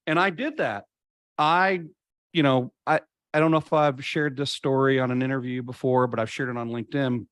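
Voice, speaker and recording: A man's voice: medium pitch, fairly even intonation, a bit bright, dry recording. Earnest man telling his story, dry sound. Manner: earnest, reflective, slows down to stress points. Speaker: podcast guest. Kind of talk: conversational interview storytelling.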